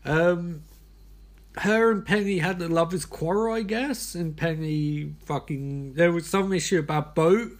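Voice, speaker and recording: A man's voice: a little high, measured pace. A man hosting a podcast as a comic monologue. He is exhausted and swings between frantic swearing rants and tired mumbling. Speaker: podcast host.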